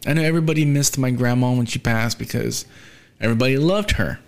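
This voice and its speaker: Young guy on his podcast, quiet and halting, lots of um and trailing off, sad and subdued. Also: medium pitch. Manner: soft, halting, with frequent fillers and trailing off. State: grieving, subdued. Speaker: podcast host. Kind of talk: casual solo podcast talk.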